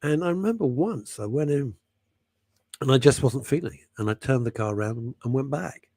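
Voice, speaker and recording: A man's voice: medium pitch, animated, brisk, dark tone, dry recording. A middle-aged man hosting a radio show, chatting and telling stories in a jokey, rambling way. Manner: chatty, jokey storytelling, reading out listener messages. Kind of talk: casual radio chat.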